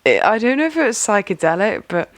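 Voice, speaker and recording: A woman's voice: medium pitch, quick pace, dry recording. English woman telling a wild story. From England. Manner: animated, acts out the people in her story. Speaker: podcast guest, singer-songwriter. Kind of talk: casual storytelling.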